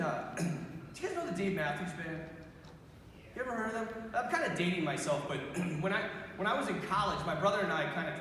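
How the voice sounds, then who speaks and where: Man preaching in a booming echoey hall. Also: a little hiss or hum. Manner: animated storytelling with quoted voices. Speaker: priest. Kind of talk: youth talk. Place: large school gym.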